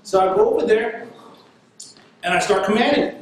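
A man preaching a sermon and telling a story in an animated way, laughing now and then. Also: high voice, moderate pace, heavy reverb, far from the mic, a little hiss or hum, low-quality recording.

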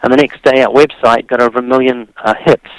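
A man with a New Zealand accent speaks as a radio interview guest. He tells his story in a steady, dry-humored way. The sound is close and dry, with no room around it. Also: mid-range voice, a little fast, smooth, no room sound, low-quality recording.

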